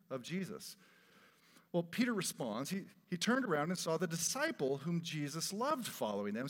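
A man preaching a sermon in a church, earnest and animated, breaking into laughs and asides. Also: mid-range voice. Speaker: pastor. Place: church sanctuary. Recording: long hall reverb.

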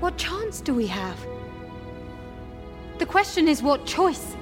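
A woman's voice: high-pitched, big pitch swings, takes it slowly, in a large hall, music in the background, heavily acted. A defiant young woman pleading with a council, from a film clip. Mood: urgent.

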